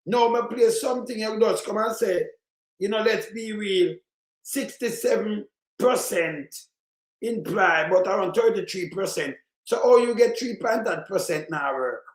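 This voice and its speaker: A Jamaican man giving an emphatic political commentary in patois, often breaking into shouts. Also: high-pitched, unhurried, reverberant. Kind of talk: ranting commentary over clips.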